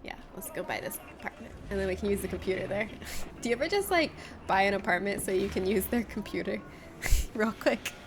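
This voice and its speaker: A woman's voice: mid-range voice, animated, fairly quick, background noise. A woman giving live gameplay commentary as a streamer, joking with her viewers in a playful, laughing way. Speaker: game streamer.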